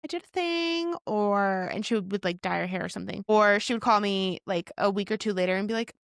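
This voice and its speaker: A woman's voice: mid-range voice, flat delivery, fast talker, gravelly, no echo. Podcast lady, blunt and wry, chatting casually, dry sound. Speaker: podcast co-host.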